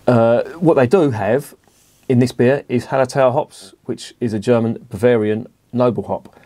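A man's voice: medium pitch, dark tone, no room sound. A man giving a casual beer review, blunt and opinionated, swearing freely.

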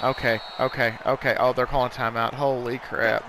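A young man giving excitable live commentary while playing a football video game, full of exclamations and mild curses. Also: mid-range voice, normal speed, noisy background. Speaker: gaming YouTuber.

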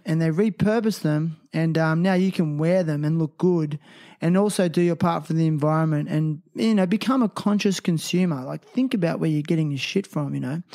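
A man's voice: on the high side, a little mellow. A man hosting a casual podcast, playful and teasing, reading sponsor ads with enthusiasm. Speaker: podcast host. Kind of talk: casual podcast chat with ad reads.

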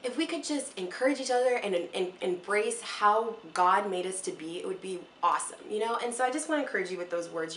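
A woman's voice: medium pitch, animated, fast, hardly any pauses, a bit bright. A young woman vlogging to her viewers, talking in an earnest, rambling, encouraging way and close to tears at times. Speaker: mom vlogger. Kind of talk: casual heartfelt talk to camera. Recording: echoey room with faint ambient noise.

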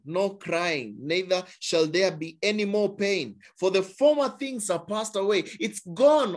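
A man preaching a sermon, reading scripture aloud and repeating phrases for emphasis, sometimes stumbling over words. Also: high voice.

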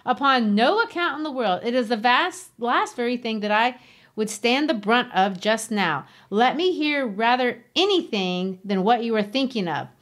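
A woman's voice: a little high, animated, normal speed, fairly bright tone. A woman voicing a proud young lady with an arch, airy delivery.

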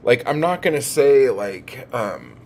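A man's voice: medium pitch, big pitch swings, slow pace, slight background noise. A man ranting about writing to his followers, agitated and swearing heavily. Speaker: book vlogger. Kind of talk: profane rant to camera.

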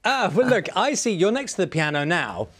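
A man presenting a breakfast news show, interviewing a guest in a brisk, jovial way. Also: high voice, very animated, fairly bright tone, husky. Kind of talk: live TV interviewing.

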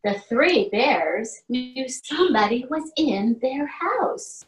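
A preschool teacher, a woman, reading a storybook aloud to children in a slow, animated, expressive way, heard from far off in an echoey classroom. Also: fairly high pitch.

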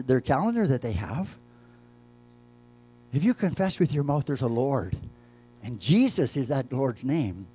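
Male pastor preaching, slightly high voice, lively swings in pitch, conversational, repeats himself. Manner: conversational preaching, repeats phrases, frequent restarts; swings from quiet to emphatic. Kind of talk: sermon.

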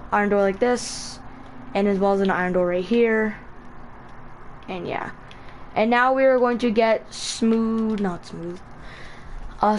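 Woman streamer, slow and meandering delivery, filler-heavy casual tutorial talk. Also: medium pitch, a little hiss or hum. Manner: rambling, many fillers and self-corrections.

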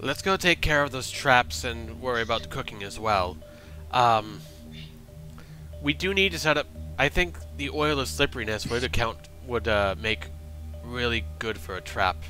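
A man's voice: mid-range voice, normal speed, bright, forceful tone, soft background music. A man playing a tabletop game, talking in a practical, matter-of-fact way. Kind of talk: casual game table chat.

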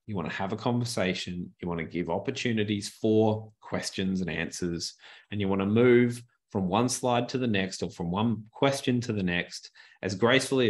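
A man teaching presentation skills in a webinar from his home office, animated and deliberately varying his pace and tone, on a good desk microphone. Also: fairly low pitch.

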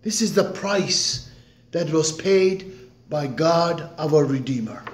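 A male pastor preaching a sermon slowly and emphatically, swinging between loud declarations and hushed, soft phrases. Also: a little high, lively intonation, slight background noise. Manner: slow, emphatic preaching with dramatic swings in loudness. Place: church sanctuary. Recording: echoey church room.

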